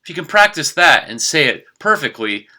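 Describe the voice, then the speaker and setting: Bright, careful man teaching pronunciation. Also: on the high side, sing-song. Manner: slow, careful over-articulated demonstration of words. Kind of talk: spoken language tutorial.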